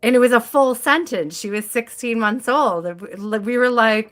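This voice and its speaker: Chatty bright-voiced woman live streaming. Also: on the high side, animated, measured pace. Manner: chatty storyteller, laughs often. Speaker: tarot reader hosting a live stream. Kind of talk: casual chat on a live stream.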